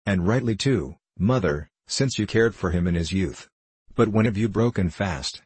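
A man voicing a kindly, cheerful young clerk with gentle, old-fashioned speech in a storybook reading. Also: low-pitched, animated, moderate pace, breathy edge, no room sound.

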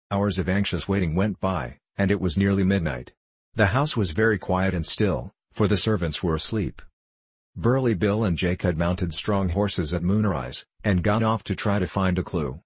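Deep husky male audiobook narrator. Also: no echo. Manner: measured storytelling. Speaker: audiobook reader.

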